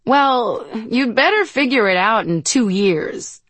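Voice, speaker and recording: A woman's voice: on the high side, expressive, slow pace, a bit bright, no room sound, voice pushed up, exaggerated voice. A woman voicing a tough, blunt older sister who speaks in a direct, indelicate way. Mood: teasing. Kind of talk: audiobook character voice.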